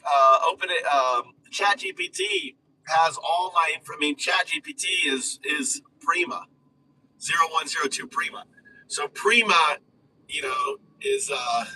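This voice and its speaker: A man in a casual live stream with a high, very bright voice that comes across as excitable and loose. He swears freely and keeps restarting his sentences. He sounds set back from the phone mic. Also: recorded from a distance, a little hiss or hum, low-quality recording.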